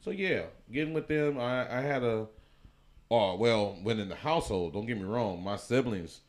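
Talking at a moderate pace in a mid-range voice, a man from Chicago, USA, guests on a podcast and shares his life story. It's casual interview storytelling, loose and rambling, full of restarts and fillers.

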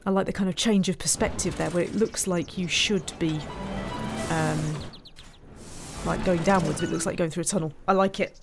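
A woman's voice: fairly low pitch, fairly even intonation, brisk, creaky, over music. A woman giving casual let's-play commentary, chatting to herself and muttering frustrated asides while she builds. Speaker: game streamer.

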